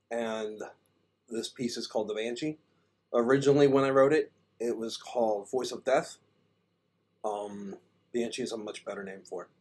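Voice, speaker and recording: A man reading his own fantasy story aloud in the first person, with small stumbles and restarts. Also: mid-range voice.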